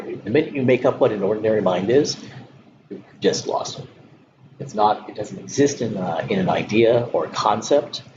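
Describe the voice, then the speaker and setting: A man giving a Zen dharma talk, speaking in a halting way with many pauses and soft laughs. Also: lowish voice. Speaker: Zen teacher. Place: meditation hall. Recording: dull lo-fi recording with background noise.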